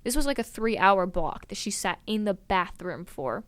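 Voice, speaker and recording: A young woman co-hosting a podcast, chatting casually with animated asides. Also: medium pitch, normal speed, smooth. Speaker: podcast co-host. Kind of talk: casual chat.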